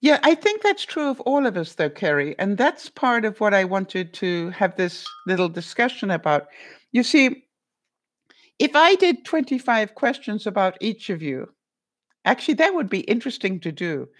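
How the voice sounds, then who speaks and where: Reading out viewer comments and talking to her audience, a middle-aged woman runs a casual livestream. Her medium-pitched voice moves at a moderate pace, and she stays animated, leaning on fillers and rhetorical questions.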